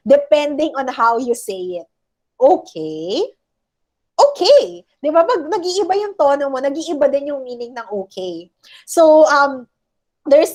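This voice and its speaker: A Filipino-accented woman teaches a class over a video call, her voice sitting fairly high. She explains patiently and keeps checking in with her listeners between points. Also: darkish tone. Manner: explains patiently, often checking in with "okay?" and "all right?". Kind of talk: online class lecture.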